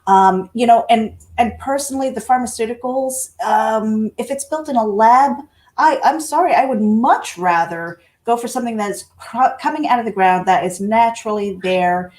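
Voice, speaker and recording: A woman's voice: mid-range voice, a little mellow. A woman co-hosting an interview, speaking earnestly and appreciatively to the guest. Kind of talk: casual interview chat.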